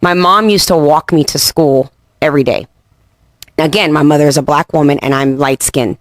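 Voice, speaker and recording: A speaker from England recounts a childhood memory in an earnest, personal tone. The voice is mid-pitched and recorded close and dry, with no room sound. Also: normal speed, no room sound. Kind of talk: personal storytelling.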